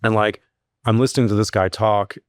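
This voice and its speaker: A low-voiced man tells a story in a relaxed podcast chat, his voice climbing sharply whenever he acts out a scene. He stumbles through fillers and restarts. The recording is dry and close. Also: brisk, clean tone, no echo. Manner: animated, rises sharply when acting out quotes. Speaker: security company CEO, guest. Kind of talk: casual storytelling interview.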